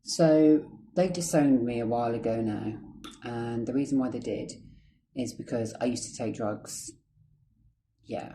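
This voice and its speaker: A man's voice: mid-range voice, noisy background. A Scottish man telling a rambling personal story in a casual vlog, chatty and swearing often. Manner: rambling, chatty, heavy swearing, drifts off topic. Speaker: vlogger.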